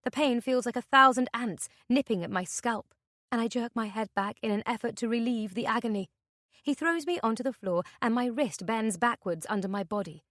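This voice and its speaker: A woman reading a thriller audiobook in the first person, with a tense, measured delivery. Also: on the high side, fairly bright tone, no echo, clean studio sound. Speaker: audiobook narrator. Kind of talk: scripted narration.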